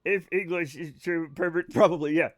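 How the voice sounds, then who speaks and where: A man's voice: on the high side, fairly even intonation, normal speed. A man livestreaming a game and telling rambling stories in a casual chat, often laughing and correcting himself. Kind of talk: casual storytelling while gaming.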